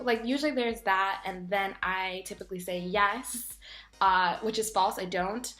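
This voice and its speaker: A young woman vlogger telling funny stories in a casual, animated way, acting out voices from them. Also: medium pitch, unhurried, reverberant. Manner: animated, jokey, acts out voices in her stories. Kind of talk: casual storytelling vlog.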